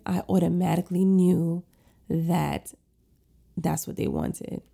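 A woman's voice: lowish voice, gravelly, dark tone, breathy edge. A young woman telling a stressful story in a casual vlog, venting with lots of fillers. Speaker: lash and facial technician.

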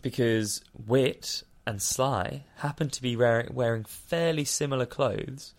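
Brief: podcast host, rambling casual recap, swears and laughs. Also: male voice, medium pitch, a little slow. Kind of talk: casual film recap chat.

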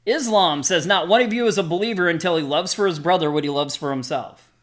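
A podcast host telling stories from their own recovery in a loose, reflective way. The voice sits at a middle pitch. The talk is full of fillers and easy asides. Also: fast. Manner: reflective, storytelling, frequent fillers. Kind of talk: casual podcast chat.

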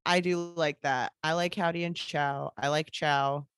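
A woman's voice: low-pitched, fairly even intonation, a little slow, a bit bright, smooth, no echo, studio quality. A woman co-hosting a podcast in casual chat, laughing often and rambling through her thoughts. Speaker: podcast co-host.

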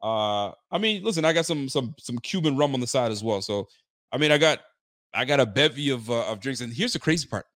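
A man hosts a casual live sports stream from a room at home. He talks in loose, streetwise slang and laughs easily, in a middle-pitched voice. The sound is dry and close, with no room echo. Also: animated, brisk, fairly bright tone. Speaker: sports channel host. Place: room at home with a bar behind.

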